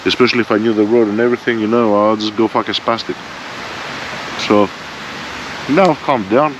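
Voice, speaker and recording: Profane, blunt man in his forties. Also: on the low side. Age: 40s. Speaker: motorbike vlogger. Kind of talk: casual ranting vlog. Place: outdoors with a motorbike. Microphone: bike-mounted front camera. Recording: dull lo-fi sound, faint vehicle noise.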